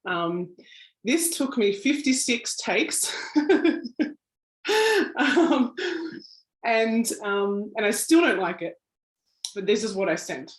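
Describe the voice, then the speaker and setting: A woman's voice: mid-range voice, takes it slowly, pauses often. Australian woman, workshop presenter, chatty, self-deprecating laugh, video call, echoey room. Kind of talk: informal workshop talk. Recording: roomy echo.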